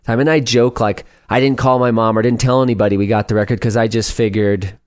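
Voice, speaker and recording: A man's voice: mid-range voice, flat delivery, fast talker, clean tone, no echo. A middle-aged man as a podcast guest, telling stories in a chatty way, laughing often and acting out what others said. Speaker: guest, speed climber. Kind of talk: casual storytelling interview.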